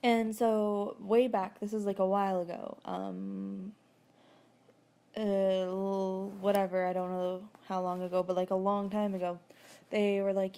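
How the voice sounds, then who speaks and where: A woman's voice: medium pitch, level tone, normal speed, warm tone. A woman casually recapping a book chapter as a podcast host, rambling and chatty, laughing often and swearing freely.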